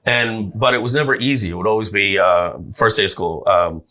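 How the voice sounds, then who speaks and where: Middle-aged male guest, lively storyteller, bright forceful tone, lowish voice. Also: fairly quick, few pauses. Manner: animated storyteller acting out quotes. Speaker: guest entrepreneur. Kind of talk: storytelling interview.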